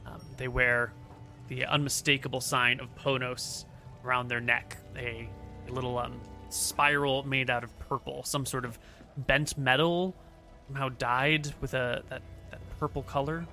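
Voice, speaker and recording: A man's voice: mid-range voice, little pitch movement, a little slow, sharp tone, soft background music. A man narrating a tabletop game as game master, describing scenes in a loose conversational way.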